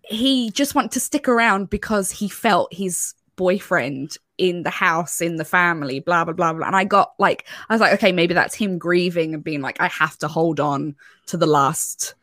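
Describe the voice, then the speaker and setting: A woman's voice: fairly low pitch, moderate pace, fairly bright tone, no echo, studio quality. A woman with an Irish accent chatting casually on a podcast, chatty and swearing, laughing at herself. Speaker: podcast guest. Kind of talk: casual chat.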